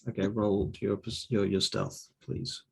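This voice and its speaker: A man working as game master, briskly calling for rolls and narrating the action. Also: on the low side, level tone, gravelly, a little mellow, breathy edge. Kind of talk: running a tabletop game.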